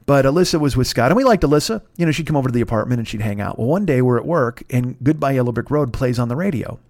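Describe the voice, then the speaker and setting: A man tells a casual story on his podcast. His voice sits at a middle pitch and sounds dry and close to the mic. He rambles, swears freely, restarts his sentences and mocks himself as he goes. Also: animated, racing, darkish tone, no room sound. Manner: profane, rambling, self-mocking, many restarts. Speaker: podcast host.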